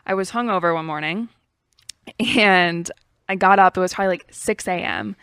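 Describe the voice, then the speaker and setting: Woman telling stories, low and dry. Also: normal speed, a bit bright, clean tone, no room sound. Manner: storytelling with frequent "like" and laughter. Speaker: podcast co-host. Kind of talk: casual chat.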